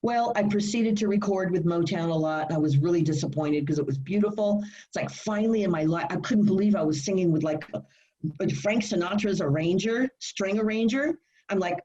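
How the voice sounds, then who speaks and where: An older woman, a singer, telling her life story in a casual interview, animated and laughing, acting out what people said. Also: fairly low pitch, a little fast, highs cut off. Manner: animated, laughing, acts out quotes. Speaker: singer guest.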